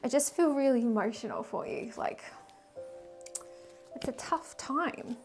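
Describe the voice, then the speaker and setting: A woman giving a casual weekly tarot reading, emotional and rambling, with sighs and soft laughs. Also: sits high, lively intonation, measured pace, over music. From Australia. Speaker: tarot reader and spiritual guide.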